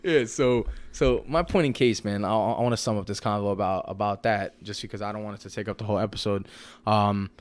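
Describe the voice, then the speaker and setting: A man's voice: lowish voice, steady tone, a little fast, smooth. A man co-hosting a podcast in casual, slang-heavy chat, often asking "you know what I mean". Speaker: podcast co-host.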